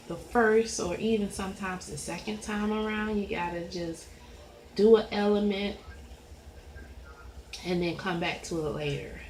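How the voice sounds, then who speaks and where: A woman with a Southern US accent and a high voice chatting casually while she colors, rambling in an easygoing way. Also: a little mellow, reverberant, a little hiss or hum, low-quality recording. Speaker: coloring video creator. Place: at home at a coloring desk.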